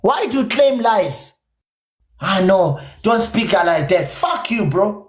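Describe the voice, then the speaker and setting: A South African man with a Zulu-inflected accent, his native isiZulu tongue showing through. He hurls blunt, profane, repetitive jabs in a livestream rant, and his pitch leaps up and down wildly. The room around him rings with echo. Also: very animated, slow. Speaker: podcast streamer. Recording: echoey room.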